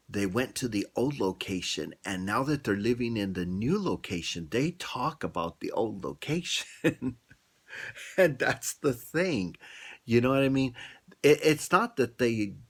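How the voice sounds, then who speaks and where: A man's voice: mid-range voice, lively intonation, measured pace, husky. A man vlogger telling a story in a casual, chatty way and asking his viewers questions.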